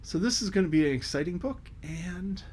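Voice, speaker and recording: A man's voice: high-pitched, lively intonation, fairly quick, darkish tone, breathy edge. Man reading aloud and chatting loosely. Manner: loose, rambling asides full of fillers. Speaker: audiobook reader. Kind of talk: reading a classic novel aloud with casual commentary.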